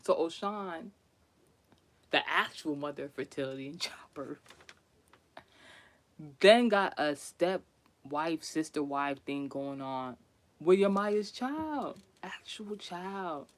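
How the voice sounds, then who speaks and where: A man's voice: fairly high pitch, expressive, slow pace, pauses often. A man telling a story in a casual vlog, chatty and profane, laughing often and restarting his sentences. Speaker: vlogger.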